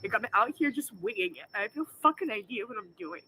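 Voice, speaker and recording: A tearful woman in her forties vents into her phone, swearing often through her upset in an emotional vlog monologue. Her voice is bright and sharp-edged, and faint noise sits behind it. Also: a little high, animated, fast talker, low-quality recording. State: crying. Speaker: vlogger.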